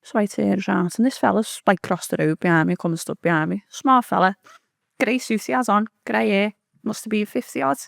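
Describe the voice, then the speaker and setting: This woman speaks at a medium pitch and a fairly quick pace, with vocal fry. She's a podcast guest spinning a story in casual conversation, cursing freely and performing the quoted speech of its characters. The recording is studio quality with no echo.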